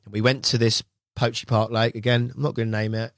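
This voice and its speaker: A man's voice: mid-range voice, level tone, fast talker, a bit bright, dry recording, studio quality. A man telling a long rambling story as a guest, casual and chatty, often quoting what others said. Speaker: guest angler.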